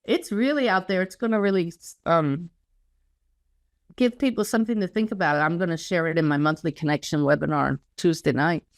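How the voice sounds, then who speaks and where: A woman author being interviewed, speaking earnestly and slowing down to stress quoted words. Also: lowish voice, no echo, clean studio sound. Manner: earnest, slows down when quoting guidance. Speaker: interview guest, spiritual author. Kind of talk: casual conversational interview.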